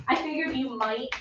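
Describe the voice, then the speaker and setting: A woman's voice: high-pitched, slight background noise. A tipsy woman dropping into a casual chat, apologetic and giggly. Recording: roomy, distant, dull mic.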